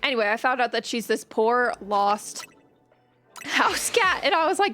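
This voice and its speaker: A woman's voice: high-pitched, sing-song, measured pace, a bit bright, faint music behind. A woman hosting a casual gaming video, chatty and playful as she talks through her play and tells stories about her cat. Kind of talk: casual gameplay commentary.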